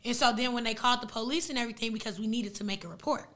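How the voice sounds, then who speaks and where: Bright-voiced young woman telling a story. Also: on the high side. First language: Arabic. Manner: animated, slangy, fast retelling. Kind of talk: casual storytelling.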